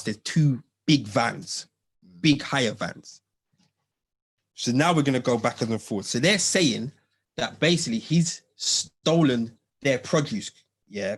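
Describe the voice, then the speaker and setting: A man, telling a story in casual chat, animated and slangy, acting out what people said. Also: medium pitch, slightly rough. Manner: animated, slangy, acts out quotes in lively voices. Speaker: podcast host.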